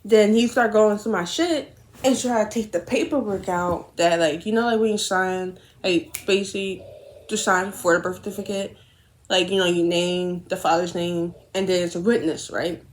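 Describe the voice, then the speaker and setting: A woman's voice: lowish voice, moderate pace. Young woman rambling through a storytime. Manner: rambling, animated, frequent swearing and self-corrections. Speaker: vlogger telling a story. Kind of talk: casual storytime while doing makeup.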